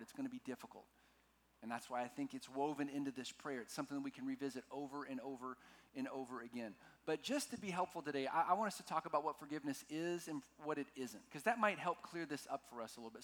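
Man, pastor, sermon, slightly high voice, emphatic, slows on key words, loud-soft swings. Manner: dramatic shifts in loudness, slows for emphasis; asks the congregation to repeat lines.

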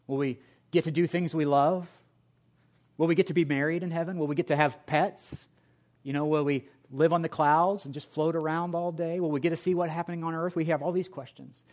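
A man's voice: on the high side, steady tone, brisk, darkish tone. A man preaching a sermon to a congregation, earnest and pleading, building long rhythmic lists. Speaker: pastor. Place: church service before a congregation.

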